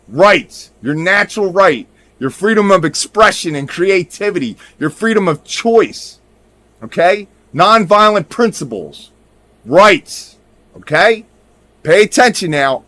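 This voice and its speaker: A man's voice: sits high, lively intonation, takes it slowly, pushed and bright, no room sound. A man giving casual commentary while showing his screen; he talks emphatically, swears now and then, and keeps checking in with his viewers. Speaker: video creator.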